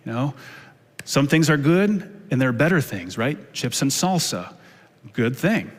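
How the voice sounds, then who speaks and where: A pastor in his thirties preaches a sermon in a relaxed, storytelling way, and his voice sits slightly high for a man. He slips into playful acted-out quotes now and then. The long reverb of a large church hall trails behind every line. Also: measured pace. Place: church auditorium.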